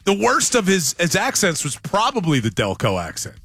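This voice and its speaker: A man hosting sports talk radio, making emphatic, animated points about his team. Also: high-pitched, moderate pace, husky, dry recording, faint music behind.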